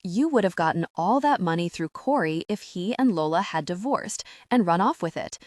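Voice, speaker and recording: A cold, calculating schemer in an audiobook thriller, as a woman narrator puts her on, speaking in a slow, measured, mocking way. Her voice sits fairly low, and the recording is close and dry. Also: animated, no room sound, close to an everyday voice.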